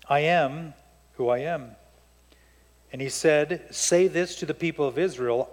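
A man's voice: high voice, long reverb tail. A man preaching a sermon as pastor to his church, with emphatic rises and drops.

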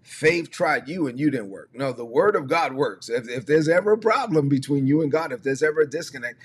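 A man's voice: on the high side, animated, brisk, breathy edge. A man preaching a streamed sermon as pastor, emphatic and repetitive, often prompting listeners to say words back or type them in the chat.

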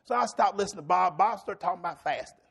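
Pastor guy preaching loud, high husky voice, gets folks to say stuff back. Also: fast. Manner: animated storytelling, shouting at peaks, call-and-response with congregation. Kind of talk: sermon.

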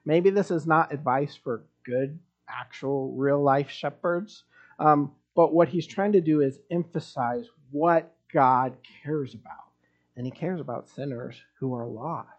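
Man, pastor, sermon, conversational, slightly high voice, muffled recording. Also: measured pace. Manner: conversational, wry asides.

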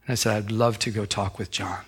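A man's voice: lowish voice, little pitch movement, a little fast, slightly rough. A man preaching a sermon as pastor, telling a personal story and building to fervent, emphatic preaching.

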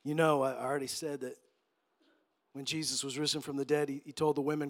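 A pastor giving a sermon in a conversational storytelling way that rises to emphatic moments. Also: male voice, medium pitch, little pitch movement, fairly quick.

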